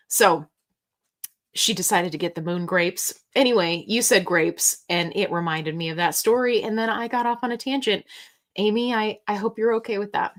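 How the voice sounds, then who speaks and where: A woman's voice: medium pitch, normal speed. Chatty woman hosting a live Q&A. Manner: chatty, rambling, jokey storytelling. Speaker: host. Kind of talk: casual livestream Q&A chat.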